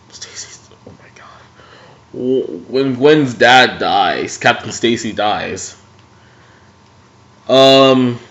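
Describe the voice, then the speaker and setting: A man casually reviewing superhero movies in an excitable way, swearing freely. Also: medium pitch. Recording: dull lo-fi recording.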